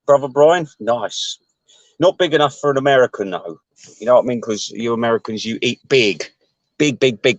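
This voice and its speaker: Rambling sweary Englishman. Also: dry recording. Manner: rambling, sweary, chuckling often, voice jumping up high. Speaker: host chatting to viewers. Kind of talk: casual rambling chat.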